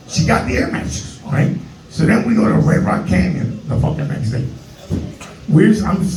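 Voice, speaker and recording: A man in his forties with a New York Bronx accent, telling a profane, excitable stand-up story that keeps jumping into high yelps. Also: echoey room, recorded from a distance, rough recording. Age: 40s. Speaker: stand-up comedian.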